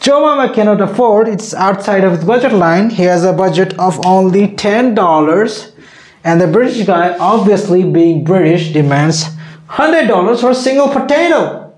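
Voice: medium pitch, lively intonation, normal speed, a little mellow, roomy sound. A comedy video creator giving a mock lecture in a teasing, mock-condescending manner.

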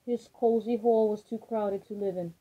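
Lady reading a kids picture book, lively and expressive, muffled lo-fi sound. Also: mid-range voice, normal speed, slightly rough. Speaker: storyteller. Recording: dull lo-fi recording.

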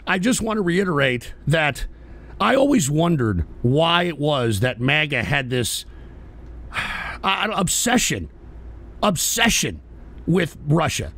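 High-pitched, gravelly ranting male host. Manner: profane, combative, shouting tirades. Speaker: show host. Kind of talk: live call-in talk show rant.

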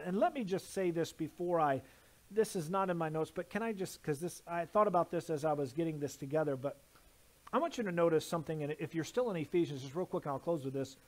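A man's voice: on the high side, fast talker. A man preaching a sermon as pastor, with emphatic delivery and repeated lists of words. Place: church sanctuary.

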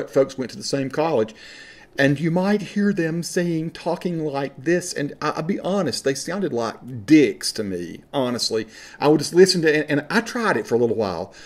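A man's voice: mid-range voice, darkish tone. A man from western North Carolina with an Appalachian accent, talking to camera in a passionate, rambling, folksy monologue. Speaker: vlogger.

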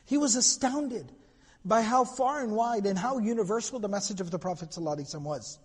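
A man's voice: sits high, fast talker, breathy edge, long reverb tail. A man teaching a recorded lecture, telling a story with Arabic quotes and casual asides. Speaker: lecturer on prophetic biography.

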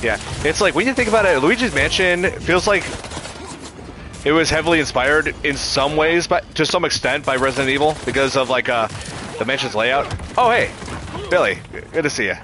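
A man's voice: on the high side, lively intonation, normal speed, noisy background. Chatty male gamer streaming live. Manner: chatty, reacts to chat, frequent restarts. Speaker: livestreamer. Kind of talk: casual gameplay livestream chat.

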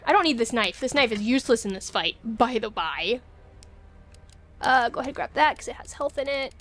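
A woman commentating her own gameplay, excitable and prone to yelping and shouting at the game. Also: a little high, a little fast. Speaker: let's play gamer. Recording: game music loud behind voice. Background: loud game music.

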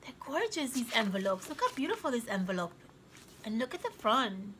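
A woman casually showing off her thrift-shop finds on camera, gushing with excitement over each one. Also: on the high side, fairly quick, slight background noise. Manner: gushing, excitable, frequent gasps and exclamations. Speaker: craft vlogger. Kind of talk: casual show-and-tell vlog.

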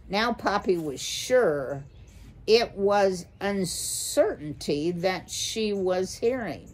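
A woman reads a children's novel aloud slowly and carefully. Her voice sits on the low side and her pace is very unhurried, the way a storybook reading is meant to be taken in. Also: lively intonation. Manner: slow, careful read-aloud. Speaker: storybook reader.

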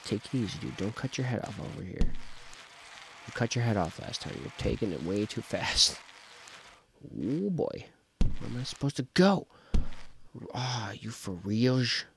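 Gravelly, slow-talking young man gaming. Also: mid-range voice, lively intonation, a little hiss or hum. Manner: frustrated, joking, talking to himself. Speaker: gaming video host. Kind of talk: casual let's play commentary.

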